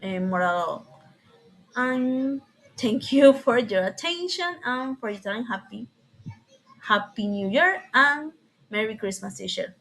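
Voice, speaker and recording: A young woman student giving a class presentation, reading her points haltingly and correcting herself now and then. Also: fairly high pitch, lively intonation, fairly bright tone, poor audio. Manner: halting, careful, with frequent self-corrections.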